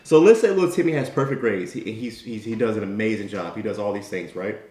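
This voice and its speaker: In an echoey room, a motivational speaker delivers an emphatic talk, telling a story and repeatedly asking his audience "right?" His voice is lowish, quick and a little mellow.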